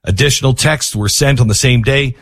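A man giving sarcastic, animated news commentary, acting out the people he quotes. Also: mid-range voice, fairly quick, husky.

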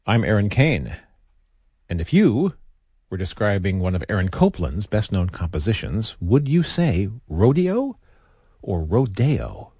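Wry, deep-voiced male radio host. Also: sing-song, moderate pace, darkish tone, slightly rough, no echo. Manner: wry, playful. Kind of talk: radio presenting.

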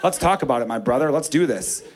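A man's voice: medium pitch, lively intonation, fast talker, a little hiss or hum. A man telling a story in stand-up, profane and self-mocking. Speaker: stand-up comedian.

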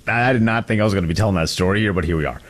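Deep husky male co-host. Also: very fast. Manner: joking, rambling storyteller. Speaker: podcast co-host. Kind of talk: casual storytelling chat.

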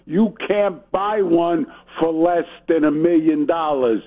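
A man's voice: on the high side, takes it slowly. A man from New calling in to a talk radio show, ranting indignantly. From New York. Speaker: radio caller. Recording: tinny phone line.

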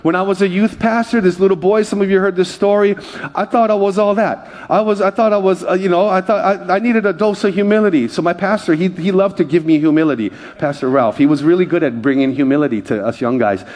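A middle-aged male pastor from Hawaii, preaching a lively sermon full of jokes and calls to the congregation. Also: high voice, quick pace. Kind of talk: sermon with humorous stories.

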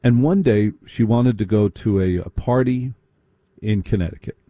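Dark-voiced man telling a comic story. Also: on the low side, moderate pace, no room sound. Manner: mocking, breaks into put-on preppy voices.

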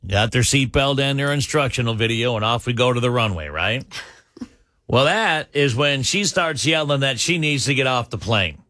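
A male radio host telling a funny news story with animated asides to his listeners. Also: mid-range voice, normal speed, no echo, clean studio sound. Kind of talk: comedic radio news banter.

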